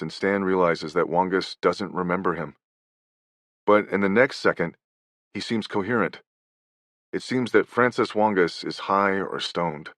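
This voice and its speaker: A man reading nonfiction as an audiobook narrator, in a measured, even delivery. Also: deep voice, dry recording, clean studio sound.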